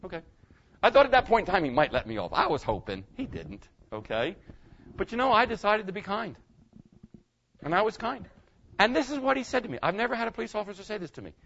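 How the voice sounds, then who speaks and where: A man's voice: high voice, big pitch swings, quick pace, fairly bright tone, muffled recording, slight background noise. A man preaching a sermon as pastor, telling folksy stories and repeating his point straight to the congregation. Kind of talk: storytelling sermon.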